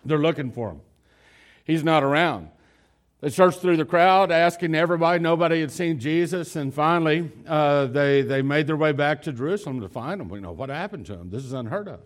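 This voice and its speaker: A man preaching a sermon, retelling a story in a conversational way with fillers and restarts, moving between loud emphasis and quiet low lines. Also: a little fast.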